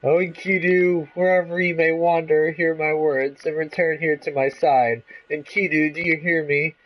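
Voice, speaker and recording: A man's voice: flat delivery, moderate pace, highs cut off, a little hiss or hum, natural voice. Man doing a grandiose boastful warrior. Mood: pleading. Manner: grandiose, old-fashioned phrasing, swings high and low. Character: boastful theatrical male warrior calling for his lost companion.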